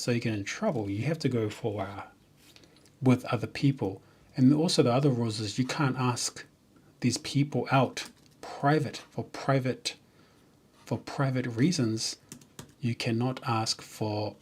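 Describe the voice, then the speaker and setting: On a livestream, a male software developer jokes around in casual chat, wandering through his thoughts with many fillers and restarts. His medium-pitched voice has a breathy edge.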